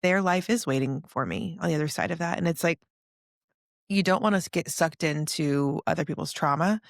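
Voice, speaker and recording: A woman's voice: low voice, fairly quick, creaky, no echo, studio quality. A young woman hosting a podcast interview, chatting casually and animatedly, often laughing. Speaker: podcast host.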